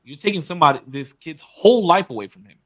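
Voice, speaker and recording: A man's voice: a little high, lively intonation, fast talker, low-quality recording. A man co-hosting a podcast, retelling a story emphatically and swearing often in casual chat. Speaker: podcast co-host.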